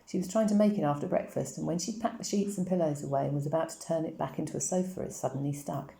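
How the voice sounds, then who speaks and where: A woman reading a novel aloud in a steady, even storytelling manner. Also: deep voice, fast talker, vocal fry. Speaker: audiobook reader. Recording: roomy echo.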